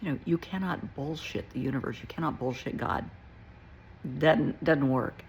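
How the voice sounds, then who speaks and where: A woman's voice: deep voice, moderate pace, creaky, slight background noise, rough recording. An older woman therapist giving casual, plain-spoken spiritual advice in a folksy, reassuring way, calling the listener honey.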